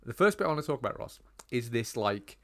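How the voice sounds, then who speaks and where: A man's voice: medium pitch, sing-song, fast talker. A British man co-hosting a casual film chat, rambling on with lots of ums and likes. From Britain. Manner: chatty, rambling with frequent ums. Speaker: podcast co-host.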